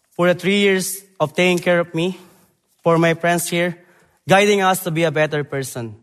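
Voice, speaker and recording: A young man from the Philippines, preaching a sermon in halting English that moves between loud emphasis and quiet, earnest moments. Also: mid-range voice. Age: young adult. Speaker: preacher, Bible college graduate. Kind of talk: church sermon and missions presentation. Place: church sanctuary. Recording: long church hall reverb.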